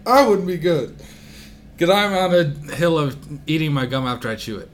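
A man's voice: fairly high pitch, expressive, moderate pace. A man co-hosting a casual podcast chat, making dry, wry asides. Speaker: podcast co-host.

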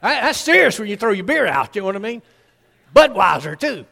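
Preacher guy telling a story, high voice kinda gravelly, big echoey hall. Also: sing-song, a little fast, sharp tone. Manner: folksy, acts out the people in his story. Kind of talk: sermon storytelling.

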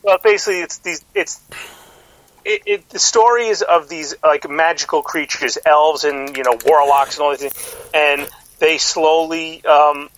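A man's voice: on the high side, steady tone, a little slow, fairly bright tone, poor audio. A middle-aged man co-hosting a podcast in casual chat, rambling with lots of fillers and restarts. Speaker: podcast co-host.

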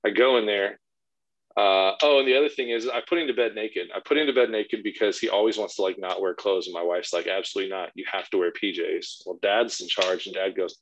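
A man's voice: on the low side, no echo, dull audio. A man in his thirties telling a long family story in casual chat on a podcast, swearing freely and acting out the lines he quotes. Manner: profane, animated retelling with voiced quotes. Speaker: podcast guest.

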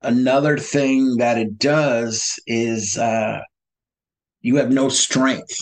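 A man speaks as a guest over a video call, recounting his experiences in a slow, unhurried way. His pitch sits in a middle range, and he livens his telling with laughs and by acting out what people said. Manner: animated, laughing, acting out his own past dialogue. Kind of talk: conversational storytelling.

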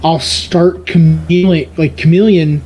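A man's voice: fairly high pitch, steady tone, measured pace, darkish tone, slight background noise, poor audio. A man in his thirties with a subtle New York accent, chatting casually as a podcast guest, rambling with frequent restarts. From New York area, outside the city. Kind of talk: casual chat.

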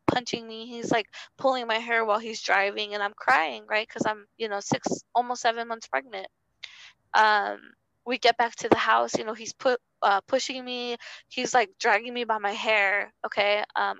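A young woman telling her own story in an interview, halting and earnest, often circling back with fillers. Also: a little high, gravelly, a bit bright, smooth, no echo, poor audio. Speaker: interview guest. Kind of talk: personal testimony in conversation.

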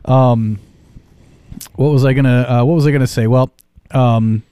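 A man's voice: medium pitch, fairly even intonation, unhurried, dark tone, clear, resonant tone, no echo. A man co-hosting a casual podcast, joking and teasing his partner with playful banter. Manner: joking, teasing, hams up show intros. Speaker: podcast co-host.

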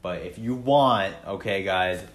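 Lower-voiced young man, echoey room. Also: unhurried. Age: young adult. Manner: crude, mumbled asides, joking. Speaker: podcast co-host. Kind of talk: casual chat.

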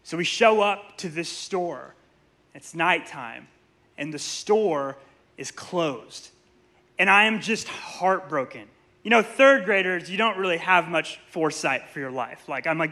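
A man in his thirties preaches in a church, his voice high and forceful. He tells stories with animated energy and throws playful asides to the room. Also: measured pace. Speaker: pastor. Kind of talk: sermon. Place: church sanctuary.

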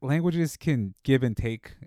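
A man's voice: mid-range voice, unhurried, dark tone, no room sound, studio quality. A man co-hosting a casual podcast chat, thoughtful and often repeating words as he thinks. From Spanish-speaking family in the United States. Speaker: podcast co-host.

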